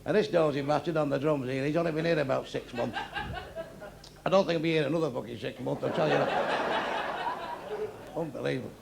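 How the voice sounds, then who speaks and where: A man's voice: on the high side, a little fast, vocal fry, pauses often, background noise. An older man doing a crude, blunt stand-up routine on a nightclub stage, heckling his band between jokes. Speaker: stand-up comedian. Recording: live club show with loud crowd. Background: audience laughing.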